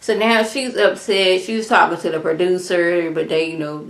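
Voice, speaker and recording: A woman's voice: fairly low pitch, fairly even intonation, moderate pace. A woman, chatting casually as she recaps a reality show and acts out the cast's quotes in voices. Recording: echoey room.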